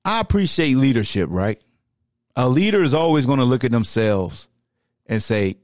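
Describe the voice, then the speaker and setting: A man's voice: mid-range voice, normal speed, no echo, clean studio sound. A man hosting a sports podcast, ranting with heat in casual, slangy talk. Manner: animated, slangy, heated ranting. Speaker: podcast host.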